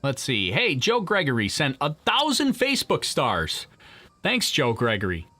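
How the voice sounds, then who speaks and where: This launch-stream host talks in an unhurried, bright, forceful voice of medium pitch, with huge swings in intonation. He reads chat and answers viewer questions casually, rambling with frequent restarts and laughter, while soft music plays behind him.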